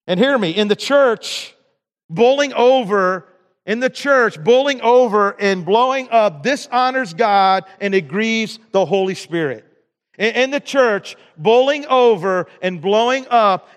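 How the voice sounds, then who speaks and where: A man's voice: sits high, in a large hall. A pastor delivering an emphatic sermon in a church, repeating words and restarting his sentences. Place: church sanctuary.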